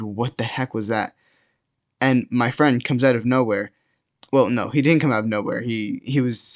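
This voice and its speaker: Rambling young man telling a storytime. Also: medium pitch. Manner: rambling, many restarts and repeated words. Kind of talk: casual first-person storytime narration. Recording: dull lo-fi sound.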